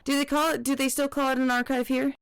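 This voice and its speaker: A woman's voice: sits high, level tone, fast talker, no echo. A young woman co-hosting a casual book podcast, chatting loosely with lots of fillers and quoting characters as she goes. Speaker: podcast co-host.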